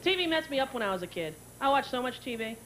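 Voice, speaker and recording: A woman in her thirties doing a stand-up routine, animated and breaking into shrill character voices and sung jingles. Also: fast talker. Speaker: stand-up comedian. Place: stage before a live audience. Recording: live show with loud audience and crowd noise. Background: audience laughter.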